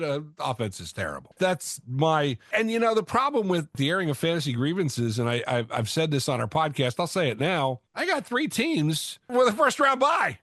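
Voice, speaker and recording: Brief: male co-host, high and very lively pitch, playful rants, dry close sound. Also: dry recording. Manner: animated, ranting, playful. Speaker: fantasy football podcast co-host. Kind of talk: casual sports chat.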